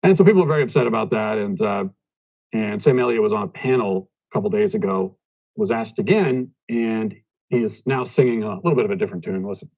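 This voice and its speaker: A man's voice: on the low side, brisk, darkish tone, rough recording. A man co-hosting a podcast, explaining a point in a casual way and setting up clips. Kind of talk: casual discussion.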